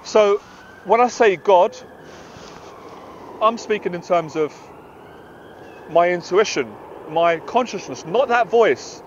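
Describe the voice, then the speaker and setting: A man's voice: sits high, expressive, slow pace, long pauses, highs cut off, slight background noise. A British man, a confidence coach, giving a passionate, emphatic motivational talk to camera outdoors.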